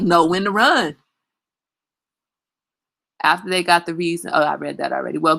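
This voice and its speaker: Woman livestream host, bright forceful tone, blunt and animated, quick to laugh. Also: low-pitched. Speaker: livestream talk show host; mother. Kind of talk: casual livestream chat.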